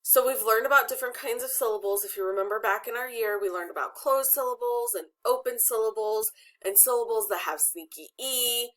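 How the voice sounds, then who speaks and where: A woman's voice: on the high side, fairly quick, few pauses, fairly bright tone. A woman teacher giving an online phonics lesson to children, patiently asking questions and prompting pupils to answer.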